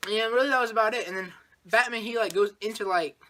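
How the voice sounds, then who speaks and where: A man's voice: high-pitched, quick pace, bright, forceful tone, slight background noise. A man hosting his own channel, recapping a movie in a casual, rambling way, full of fillers and sound effects.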